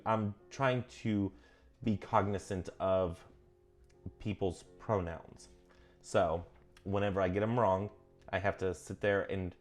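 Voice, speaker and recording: Earnest rambling man with a low voice. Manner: earnest, self-correcting, goes off on tangents; animated, pitch jumps up when emphatic. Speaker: vlogger reading and commenting on a witchcraft book. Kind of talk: casual rambling vlog commentary.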